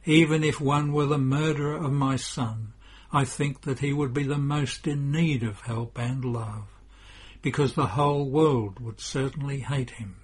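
A kindly, devoted mother from a devotional story, read by a man. Her words come softly and slowly, in a deeply husky, breathy voice. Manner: soft and kindly.

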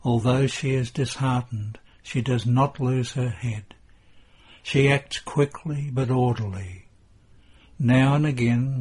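A man narrating a religious text in a measured, reverent reading. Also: medium pitch, darkish tone, slightly rough.

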